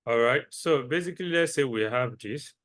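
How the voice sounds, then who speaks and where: A man's voice: mid-range voice, normal speed, a bit bright. A man teaching a trading lesson, repeating key phrases and answering his own questions. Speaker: trading instructor. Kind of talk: lecture with repetition.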